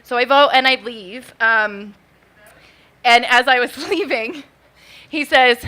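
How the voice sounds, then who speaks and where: A woman's voice: sits high, a little slow, sharp tone. A woman in her thirties telling a true story on stage at a live event, nervous and chatty, with many fillers and "like"s. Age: 30s.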